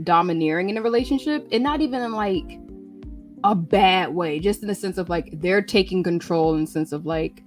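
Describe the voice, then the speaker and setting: Chatty woman host, lowish voice. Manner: animated, acts out characters' lines in quick bursts. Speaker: radio show host. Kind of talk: casual chat recapping manga.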